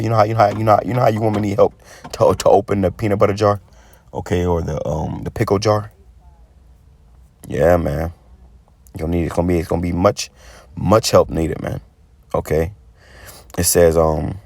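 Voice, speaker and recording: Low-voiced rambling man preaching casually. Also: vocal fry, a little mellow, dry recording. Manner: rambling, stammers and repeats words; reads scripture slowly and deliberately. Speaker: street preacher.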